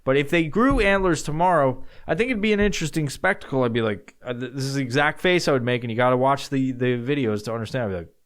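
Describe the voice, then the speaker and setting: A young man hosting a podcast alone, answering listener questions in a rambling, profane way, now and then breaking into loud acted-out shouts. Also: medium pitch, fast, hardly any pauses, clear, resonant tone. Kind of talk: casual solo podcast chat.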